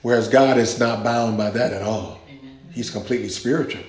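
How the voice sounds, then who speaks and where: A pastor with a lowish voice and a darkish tone preaches a passionate sermon at a fairly quick pace. Repeated phrases give it emphasis, the congregation calls back answers, and the church hall echoes heavily.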